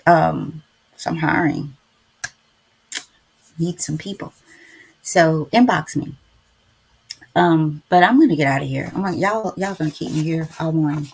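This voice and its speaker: A woman's voice: deep voice, a little mellow, husky. A middle-aged woman, hosting a casual devotional live-stream chat and preaching to listeners. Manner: chatty, preachy, keeps addressing listeners as y'all. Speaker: podcast host.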